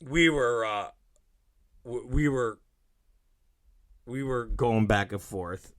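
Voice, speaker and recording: A man's voice: mid-range voice, slow pace, dry recording, low-quality recording. A man hosting his own radio show, telling home stories in a profane, rambling way. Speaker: host. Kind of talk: casual radio show monologue.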